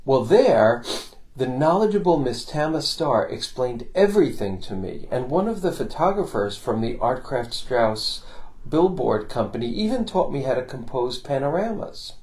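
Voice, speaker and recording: A man hosting a casual talk while filming, speaking in a quiet, laid-back way. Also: mid-range voice, sing-song, moderate pace. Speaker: host filming a painter.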